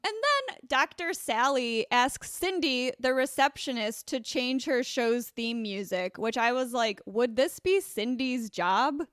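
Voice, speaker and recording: A woman's voice: high-pitched, expressive, measured pace, hardly any pauses, fairly bright tone, dry recording, studio quality. A woman co-hosting a podcast, recapping an episode in casual chat, with lots of filler words. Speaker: podcast co-host.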